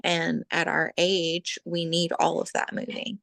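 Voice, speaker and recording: Lowish gravelly woman on a call, dry close sound. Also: level tone, a little slow, a bit bright, dry recording. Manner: agreeing, many yeps. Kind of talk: casual chat. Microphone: video call.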